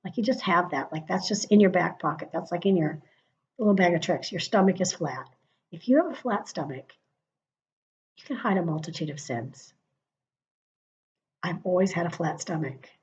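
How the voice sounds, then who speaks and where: A middle-aged woman with a fairly low voice rants casually to her viewers, swearing freely and tossing off muttered asides. The sound is dull and lo-fi. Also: lively intonation, normal speed, pauses often, a little mellow. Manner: profane and chatty, with muttered asides. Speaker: vlogger. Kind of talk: casual political rant.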